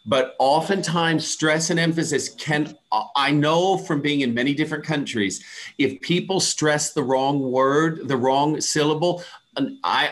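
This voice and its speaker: A man's voice: medium pitch, a bit bright. A man from the USA, an English pronunciation teacher, patiently answering student questions on a video call. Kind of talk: answering questions in an online class.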